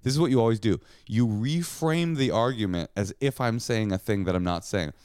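A man's voice: fairly low pitch, a little fast, darkish tone, clean tone, no echo, studio quality. A man co-hosting a podcast, bickering with his wife in a sarcastic, mock-indignant comedic chat. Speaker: podcast co-host.

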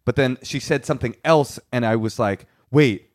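A man hosting a comedy podcast with a playful, teasing storytelling manner. His voice sits at a middling pitch and sounds close and dry on a studio mic. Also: fairly quick, dry recording. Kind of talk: casual podcast chat.

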